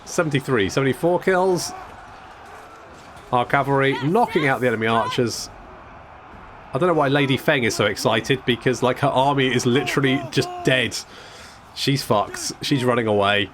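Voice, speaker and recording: A man's voice: medium pitch, moderate pace, noisy background. A man casually commentating a strategy game, wry and chatty, swearing now and then and restarting his sentences. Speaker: gameplay commentator. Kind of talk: casual let's-play commentary.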